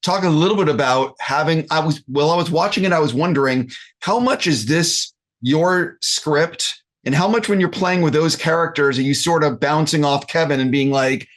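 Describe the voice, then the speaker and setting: A man's voice: fairly high pitch, moderate pace. A man interviewing a film director, rambling into his questions with lots of fillers.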